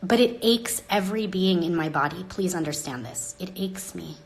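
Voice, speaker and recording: A woman hosting a live stream into her phone, talking dramatically and with exasperation, swinging between loud outbursts and hushed asides. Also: on the low side, normal speed. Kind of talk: rambling live-stream monologue.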